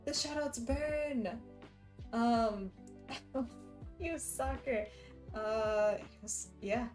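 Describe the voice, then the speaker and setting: A woman's voice: fairly high pitch, drawn-out words, darkish tone, faint music behind. A woman streamer talking casually with her chat, laughing often and reading messages aloud. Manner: giggly, chatty, reads chat aloud.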